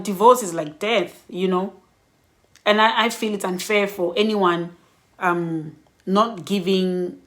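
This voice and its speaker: Woman, middle-aged, candid vlog advice, reflective, soft laughs between points. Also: lowish voice. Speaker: vlogger.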